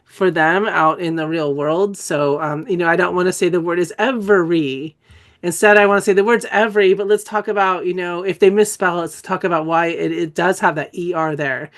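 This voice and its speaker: A woman's voice: lowish voice, steady tone, a little fast, few pauses. A middle-aged woman leads a live webinar on spelling, talking in a chatty, unscripted way. She often stops to correct herself and laughs at her own slips. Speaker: dyslexia educator.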